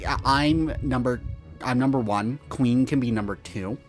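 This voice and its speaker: A smug, boastful nerdy teenage bird-like boy in a storytelling roleplay, as a man puts him on. The voice sits higher and pushes louder than the teller's own. Faint music plays underneath. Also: moderate pace, close to an everyday voice. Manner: smug, know-it-all.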